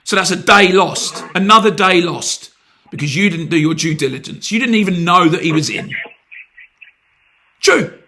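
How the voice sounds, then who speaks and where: A man's voice: high voice, animated, normal speed, bright, forceful tone, a little hiss or hum. A British man making a heated, blunt complaint on a phone call, pressing and sarcastic. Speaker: complaining customer.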